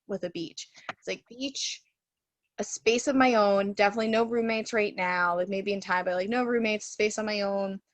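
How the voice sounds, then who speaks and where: A woman who teaches Reiki tells a story over a video call from her home, chatting casually and filling her speech with "like" and "you know." Her voice is medium-pitched and a bit bright, with no room sound.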